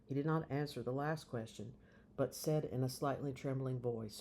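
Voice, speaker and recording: A man reading a novel aloud, chapter by chapter, in slow, measured storytelling. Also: mid-range voice, a little mellow, slight background noise. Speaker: reader of a novel. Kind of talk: audiobook reading.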